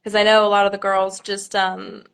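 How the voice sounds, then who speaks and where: A woman's voice: medium pitch, level tone, moderate pace, fairly bright tone, smooth. Young woman, chatty with nervous laughter. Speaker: pageant contestant. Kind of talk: live-stream Q&A.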